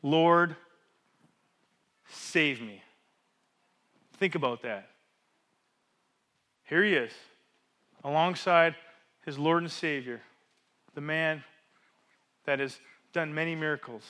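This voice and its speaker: A male pastor preaching in a church with a high, bright, forceful voice. He talks in animated rhetorical questions and swings from loud emphasis to hushed, quiet drops. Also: takes it slowly, long pauses. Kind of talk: sermon.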